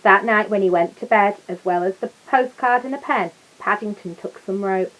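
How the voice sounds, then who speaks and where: A woman reading a picture book aloud to children, gently adding little asides for her listeners. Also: medium pitch, moderate pace, low-quality recording. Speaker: storyteller.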